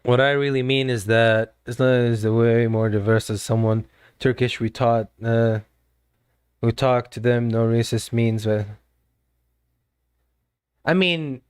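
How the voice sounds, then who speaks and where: A man's voice: medium pitch, smooth, no echo, studio quality. A man streaming live, talking to his chat in an earnest, lecturing way and often repeating himself. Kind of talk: casual livestream talk to chat.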